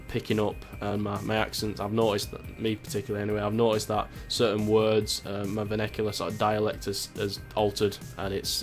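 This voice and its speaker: A young man in his twenties with a Greater Manchester accent and a trace of Yorkshire, talking in a fairly low voice. He rambles loosely through viewer questions, cracking jokes and swearing freely. Faint music plays underneath. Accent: Greater Manchester with a touch of Yorkshire. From Greater Manchester, England. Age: 20s. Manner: rambling, jokey and sweary, with many fillers. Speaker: YouTuber answering viewer questions. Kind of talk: casual Q&A vlog.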